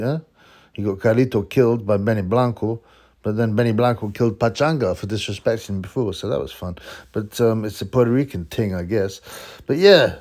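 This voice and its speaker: A man's voice: fairly low pitch, a little mellow. A man hosting his own channel, talking casually and at length, with lots of restarts and strong opinions. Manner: rambling, opinionated, many restarts. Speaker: boxing channel host. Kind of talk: casual rambling commentary.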